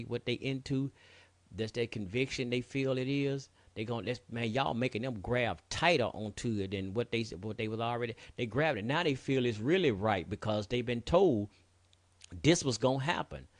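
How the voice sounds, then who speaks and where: Low-voiced streetwise radio host preaching. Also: male voice. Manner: conversational, preachy, streetwise slang, frequent cursing. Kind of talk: casual talk radio monologue.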